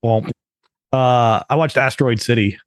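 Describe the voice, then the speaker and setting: A podcast co-host talks casually in a medium-pitched voice at a slightly slow pace. He rambles, leaning heavily on fillers like "like" and "uh."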